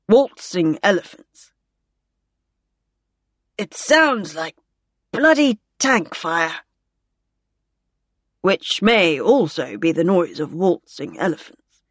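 A woman's voice: fairly low pitch, lively intonation, takes it slowly, long pauses, dry recording. A woman reading the part of a wry, teasing male naval commander in an audiobook.

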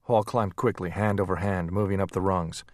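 A man narrating an audiobook in a steady, measured reading voice. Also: sits low, no echo, studio quality.

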